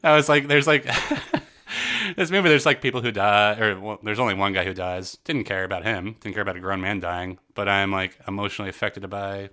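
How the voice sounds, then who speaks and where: A man's voice: lowish voice, normal speed, bright, forceful tone. A man co-hosting a casual movie podcast, rambling with many fillers and sarcastic asides, laughing often. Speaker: podcast co-host.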